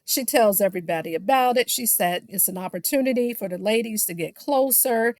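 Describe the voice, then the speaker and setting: A woman's voice: medium pitch, a little fast, no echo, studio quality. A woman recapping a reality show in a casual, gossipy way, full of sassy shade, and she keeps calling her listeners "child.". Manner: sassy, shady asides, keeps saying "child"; mimics the people she quotes.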